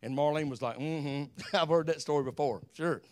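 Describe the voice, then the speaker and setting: Older Alabama-accented male preacher, folksy sermon delivery, smooth and slightly high. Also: a little fast. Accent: Southern US, Alabama. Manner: folksy, repeats amen, animated storytelling.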